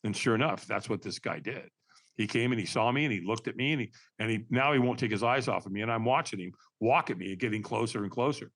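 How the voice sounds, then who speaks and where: Fast and fairly bright despite a fairly low pitch, this man is a podcast guest who instructs firewalking. He tells an animated story, slipping into different voices for quotes and calling the host Doc.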